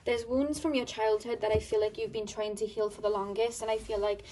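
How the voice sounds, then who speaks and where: A woman's voice: fairly high pitch, fairly even intonation, brisk, mellow, a little hiss or hum. A woman giving an intuitive tarot reading to her viewers, speaking earnestly and thinking aloud as she goes. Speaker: tarot card reader.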